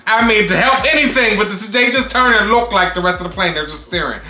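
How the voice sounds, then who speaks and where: A man co-hosting a storytime vlog, talking animatedly and yelping loudly when he reenacts moments. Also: sits high, fast talker, roomy sound. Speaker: vlog co-host. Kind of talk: casual storytime chat.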